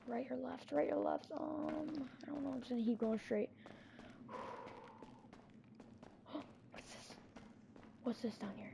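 A woman acts out a scary game movie as she plays, narrating in improvised role-play and reacting breathlessly with lots of exclamations. Her high-pitched voice carries vocal fry over a noisy background.

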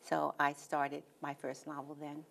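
A woman's voice: low voice, monotone, measured pace, creaky, a bit bright, slight background noise. A woman in her sixties from North Carolina, a poet guest telling plainspoken anecdotes in an interview. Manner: plainspoken, anecdotal, acts out quoted speech. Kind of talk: casual storytelling interview.

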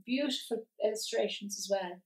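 A woman storyteller reading a picture book aloud for children, in an animated, expressive way. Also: medium pitch, normal speed. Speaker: library storyteller. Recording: voice from a distance.

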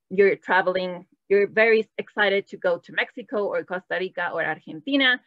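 A woman's voice: medium pitch, no room sound. A woman teaching a live online Spanish class, switching between English and Spanish and quizzing the chat. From Latin America. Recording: dull, slightly lo-fi dry sound.

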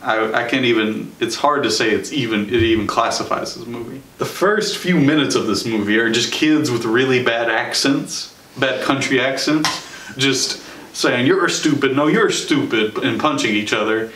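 Young male host, sarcastic casual reviewer, mid pitch, distant echoey mic. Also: a bit bright, a little hiss or hum. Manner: sarcastic, chatty, quick asides with laughs. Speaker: show host and movie reviewer. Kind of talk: casual spoken movie review. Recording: roomy sound from a distance.

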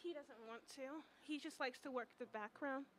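A woman's voice: sits high, moderate pace, slight background noise. A woman co-hosting a casual chat, giving short reactions and reading viewer comments aloud.

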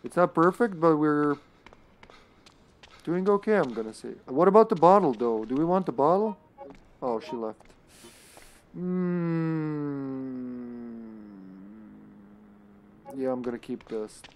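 Playing an online co-op game, this man offers relaxed live commentary in a fairly high voice, speaking slowly and pausing often. He muses aloud, laughs, and now and then erupts with excitement.

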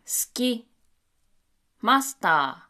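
Woman slowly modeling words. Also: a little high, very animated, sharp tone. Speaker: pronunciation model speaker. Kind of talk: slow, careful word-by-word pronunciation model.

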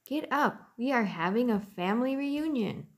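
A woman voicing an eager mother mouse in a storybook reading, high and breathless. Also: animated, moderate pace. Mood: happy. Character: fussy female mother mouse.

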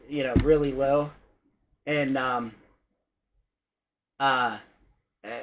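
Man, slightly high voice, casual vlog, rambling, hesitant, restarts, casual swearing. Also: pushed and bright, low-quality recording. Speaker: paranormal vlogger.

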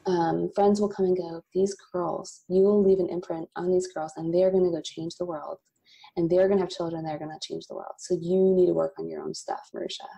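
Husky-low woman telling a candid personal story. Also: brisk. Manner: emotional, laughs often, quotes God in animated asides. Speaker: podcast guest, coffee company founder.

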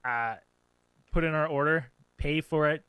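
A man co-hosting a podcast, casually telling a story to friends in an animated, profane way and acting out what people said. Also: fairly high pitch, a little slow, clear, resonant tone, dry recording. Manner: animated, profane, acts out quotes. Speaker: podcast co-host.

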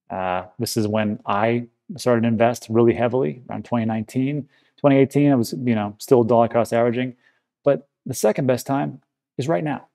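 Gravelly, mellow-voiced male crypto host. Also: mid-range voice. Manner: conversational and reassuring, with frequent filler words. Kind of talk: casual to-camera commentary.

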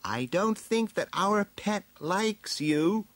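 A man voicing a brave, caring young warrior woman in a high falsetto for a storybook reading. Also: animated, slow pace, a bit bright, no room sound, exaggerated voice. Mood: gentle.

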